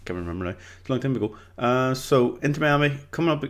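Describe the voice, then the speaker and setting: A man's voice: medium pitch, expressive, quick pace. An Irish man talking through football predictions in a casual, rambling way, full of fillers and false starts. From Ireland. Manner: rambling and hesitant, with many fillers and restarts. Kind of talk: casual solo commentary.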